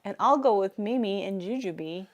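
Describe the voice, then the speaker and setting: A woman co-hosting a live stream, reacting quickly with lots of exclamations and telling family stories. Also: medium pitch, animated, highs cut off. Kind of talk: casual live-stream chat.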